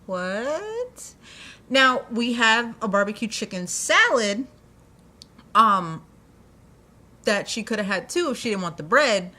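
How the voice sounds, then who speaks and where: A woman's voice: a little high, very animated, slow, pauses often, sharp tone. A young woman telling funny stories from her jobs, chatty, often laughing, with lots of fillers and restarts. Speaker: vlogger. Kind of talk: casual storytelling.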